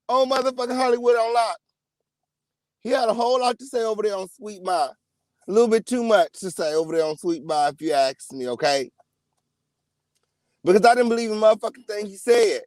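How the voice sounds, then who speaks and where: A man hosting a celebrity gossip channel, giving an emphatic, profanity-heavy rant with sudden loud outbursts. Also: extremely high pitch, dry recording, clean studio sound. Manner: profane, emphatic, repeats "okay?" and "period". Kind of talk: ranting celebrity gossip commentary.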